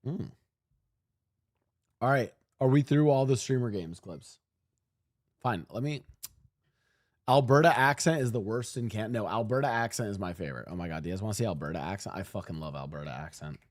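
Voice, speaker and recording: A man's voice: fairly low pitch, animated, brisk, long pauses, no room sound, clean studio sound. A man streaming and reacting to clips, rambling animatedly and talking to his chat.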